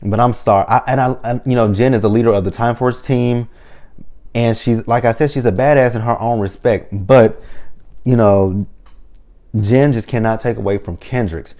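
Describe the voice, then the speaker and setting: A man giving casual, excited fan commentary as a vlogger, rambling and getting himself hyped up. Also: mid-range voice, moderate pace. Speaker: vlogger ranking team-up episodes.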